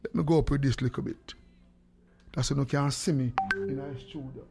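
A man's voice: mid-range voice, steady tone, normal speed, vocal fry, over music. A man with a Jamaican accent hosting a live stream from his home studio, joking and teasing as he calls out to viewers by name. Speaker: livestream host.

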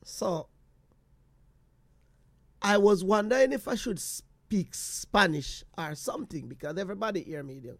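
A man with a Jamaican accent, telling a personal story to his viewers in an animated way, slipping into patois and repeating phrases. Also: high-pitched, measured pace, pauses often, dry recording.

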